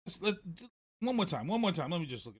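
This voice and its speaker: A man's voice: sits high, sing-song, fast, a loud crowd. A man hosting a sports talk show, ranting in a heated way about a football play and repeating himself. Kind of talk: casual sports commentary.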